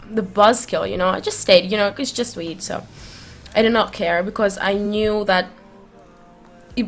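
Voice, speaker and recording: A woman streamer casually telling a long personal story to her live chat, rambling and restarting often with lots of "like". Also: medium pitch.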